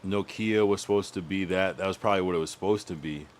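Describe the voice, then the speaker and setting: A man's voice: sits low, fast, a little hiss or hum. A young man streaming live, chatting casually and rambling with profanity while he thinks aloud. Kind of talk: casual livestream chat.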